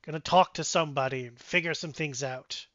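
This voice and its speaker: A game master voicing a gruff male dwarf who mocks the party's names and flirts while rambling. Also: mid-range voice, fairly quick, fairly bright tone, no echo, lo-fi sound, natural voice. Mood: sarcastic flirty. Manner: mocking, rambling. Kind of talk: tabletop game voice acting.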